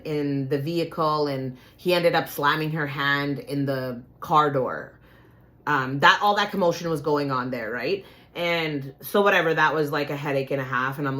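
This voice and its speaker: Woman with a slightly low voice, swears a lot, tells a lively story straight to her listeners. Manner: profane, animated, addresses listeners as "you guys". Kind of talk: casual personal storytelling.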